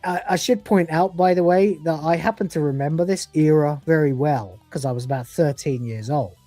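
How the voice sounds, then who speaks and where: A man in his forties riffs through a casual live episode review. He is crude and swears freely, laughing often between thoughts. His voice sits at a middling pitch and sounds dry and close, with a little faint music behind. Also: brisk, warm tone, dry recording. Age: 40s. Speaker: podcast co-host reviewing episodes.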